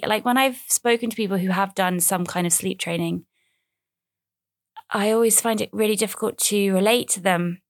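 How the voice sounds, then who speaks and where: A woman's voice: mid-range voice, normal speed, dry recording, clean studio sound. A woman, talking casually and at length on her own podcast, rambling with self-mocking asides. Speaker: podcast host. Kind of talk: casual solo podcast chat.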